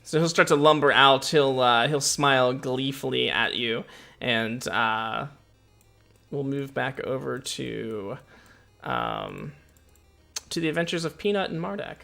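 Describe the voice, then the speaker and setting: A man running a tabletop game as game master, narrating in a relaxed, hesitant way full of filler words. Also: medium pitch, unhurried, creaky, faint music behind. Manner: relaxed, hesitant, lots of uhs and laughs.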